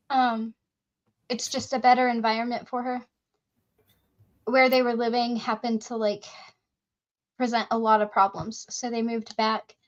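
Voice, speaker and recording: A woman chatting casually, telling lively anecdotes full of fillers and acting out the people she talked to. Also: a little high, lo-fi sound. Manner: lively anecdotes, frequent fillers, acts out both sides of dialogue. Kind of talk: casual storytelling chat.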